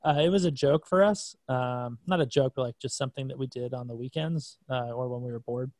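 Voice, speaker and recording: A man's voice: mid-range voice, fairly quick, a little mellow, no echo. A man who plays in a band, a guest in casual conversation, telling stories in a dry, self-deprecating way. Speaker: musician guest.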